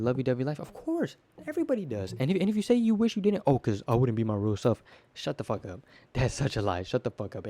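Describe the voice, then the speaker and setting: A teenage boy rambles through a casual solo podcast at a quick clip. His voice is mellow and dark, and he stumbles and repeats words as he acts out little bits of conversation. It all sounds improvised and loose. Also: medium pitch. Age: teens. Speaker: podcast host.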